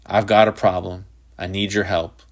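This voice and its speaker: Self-righteous do-gooder father, insistent and preachy, low voice, read by a man. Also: little pitch movement, normal speed. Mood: pleading. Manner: earnest, insistent, slightly preachy.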